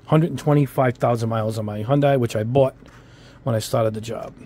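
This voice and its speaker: A man's voice: medium pitch, fairly even intonation, brisk, dark tone, a little hiss or hum. Chatty New England man, rambling review. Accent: New England with Italian-American touches. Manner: rambling, filler-heavy, chatty asides. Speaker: hobby model-kit YouTuber. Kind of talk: casual product review at the workbench.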